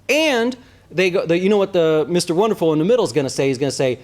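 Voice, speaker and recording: An animated man with a slightly raised pitch gives casual commentary on the stock market. He hosts an investing show and talks straight to his viewers. He keeps checking in with a quick "right?". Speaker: investment advisor and show host.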